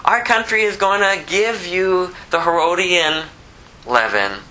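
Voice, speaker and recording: A man preaching a conversational sermon, asking rhetorical questions and dropping low to act out quotes. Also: unhurried, sharp tone, a little hiss or hum, poor audio. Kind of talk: expository sermon.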